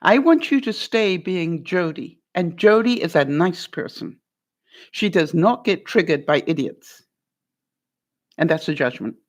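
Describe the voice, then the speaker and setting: A woman's voice: fairly low pitch, lively intonation, unhurried. A woman coaching someone through a hard conversation on her advice vlog. She talks in an encouraging, playful way, laughs often and keeps checking in with "all right?". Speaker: vlogger giving life advice. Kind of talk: coaching talk to a guest.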